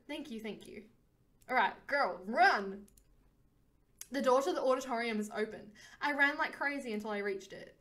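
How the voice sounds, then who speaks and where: A woman reads a story game aloud for her viewers and voices the main character herself. Her delivery is expressive, and she often laughs as she reads. Her voice sits on the higher side. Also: moderate pace. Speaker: game streamer. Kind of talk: reading a visual novel aloud.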